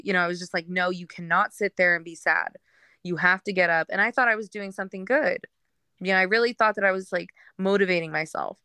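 A woman's voice: on the low side, pushed and bright, clean tone, no echo. A woman candidly telling her personal story as a guest, in a frank, rambling way with frequent fillers.

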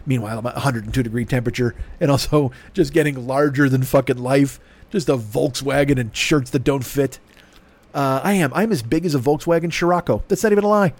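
Talking fairly quickly at a medium pitch, a middle-aged man hosts a podcast and meanders through a profane, self-deprecating comic monologue, his throat rough and his nose congested.

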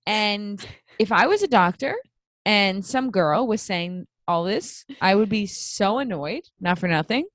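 A woman's voice: mid-range voice, unhurried, no echo. A woman co-hosting a casual chat show, recapping a story and acting out its quotes. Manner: animated, acts out quotes. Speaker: podcast co-host.

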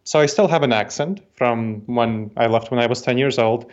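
A man's voice: medium pitch, moderate pace, highs cut off. A man in his forties, from Moldova, with an Eastern European accent tinged with New York, explaining ideas methodically as an interview guest. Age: 40s. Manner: methodical, explanatory, repeats key points. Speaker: guest expert.

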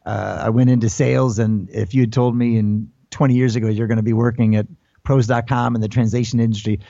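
An American man in his forties, rambling through his answers with restarts and fillers. His voice is dark and mellow. The sound is dry and slightly dull, as if over a remote call. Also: mid-range voice, little pitch movement, a little fast, gravelly, dry recording. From United States. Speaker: guest. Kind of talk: casual interview talk.

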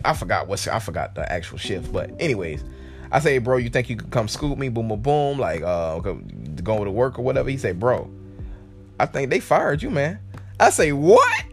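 Animated man telling a story. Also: mid-range voice. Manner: animated, lots of "like" and "man", laughs often. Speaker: podcast host. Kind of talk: casual storytelling.

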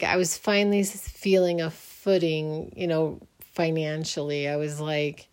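A woman's voice: deep voice, darkish tone. A middle-aged woman hosting a podcast, telling a personal story in a rambling, earnest, reflective way. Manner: rambling, earnest, often restarts; faith-minded, reflective. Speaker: podcast host.

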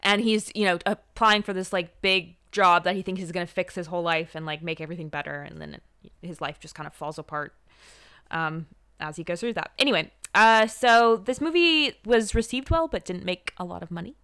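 A young woman co-hosting a podcast, reviewing a film in a chatty, halting way with frequent laughs. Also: fairly low pitch, a bit bright, clear, resonant tone, no room sound, studio quality. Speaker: podcast co-host. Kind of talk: casual film review chat.

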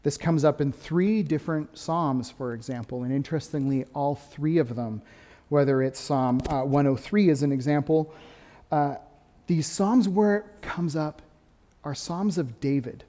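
A pastor preaching a sermon, lively and conversational, swinging between quick, louder stretches and soft, dropped emphasis. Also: male voice, on the high side, in a large hall. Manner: animated preaching, rising and dropping to quiet emphasis.

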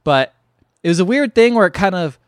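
A man's voice: fairly quick, no room sound. Dry-voiced man recapping a film. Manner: animated retelling, acts out quotes in lowered voices. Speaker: podcast co-host recapping a film. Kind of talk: casual chat.

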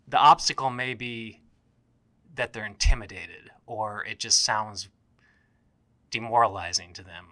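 A man hosting an interview, asking a question haltingly, heard from away from the microphone. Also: mid-range voice, sharp tone. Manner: halting, searching for words. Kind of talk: conversational interview. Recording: voice from far off the mic.

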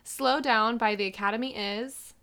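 A young woman co-hosting a podcast with a voice a little higher than most. She chats casually, laughs a lot and sometimes stumbles over her words. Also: fairly even intonation, normal speed, a bit bright, clear, resonant tone. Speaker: podcast co-host. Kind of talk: casual chat.

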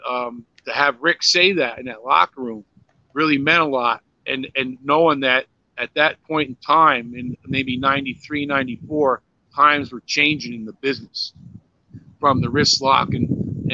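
A man's voice: medium pitch, bright, forceful tone, dry recording. An older man, a former pro wrestler, telling rambling, profane stories in a casual interview, full of "you know"s and restarts. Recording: dry, slightly dull lo-fi sound.

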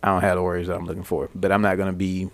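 A man speaks in a deep voice, picking his words with care in casual podcast talk. The sound is close and dry, with no room around it. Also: completely flat delivery, no room sound. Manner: deliberate, measured talk with profanity. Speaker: podcast co-host. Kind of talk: casual chat.

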